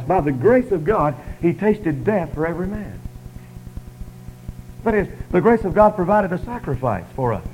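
Emphatic preacher on the radio. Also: male voice, a little high, low-quality recording. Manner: emphatic rhetorical questioning, rising and falling loudness. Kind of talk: sermon.

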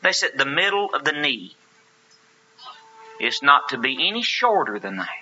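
Animated, bright-voiced preacher. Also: male voice, fairly high pitch, normal speed, slight background noise. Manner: earnest, emphatic rhetorical questions. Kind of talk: sermon with anecdote. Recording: lo-fi sermon recording.

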